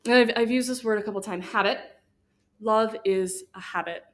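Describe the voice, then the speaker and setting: A woman's voice: mid-range voice, steady tone, moderate pace. A young woman giving a casual, earnest faith talk to students, talking freely with many fillers. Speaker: guest speaker.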